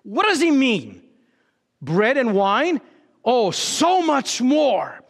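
A man preaching a sermon as pastor, with dramatic pauses and emphatic rises and drops. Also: very high-pitched, huge pitch swings, vocal fry, big-room sound.

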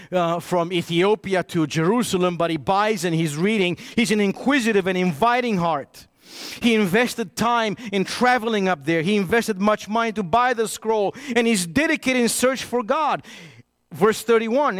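A male pastor delivering a sermon in a somewhat high voice. He moves between loud, emphatic points and quiet, close storytelling, restarting phrases as he goes. The recording is dry with no room echo. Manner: swings from raised, emphatic preaching to hushed, intimate storytelling; repeats and restarts words when telling stories.

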